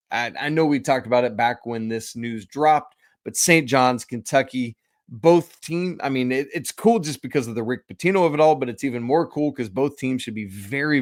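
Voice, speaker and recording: Male podcast host, casual sports talk, relaxed and chatty, dry close-mic sound, mid pitch. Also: no echo. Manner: loose, chatty, self-deprecating asides.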